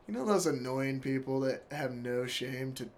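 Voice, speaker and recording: A man's voice: mid-range voice, moderate pace, slight background noise. A young man with a sore throat co-hosting a casual chat, laughing often and joking loosely.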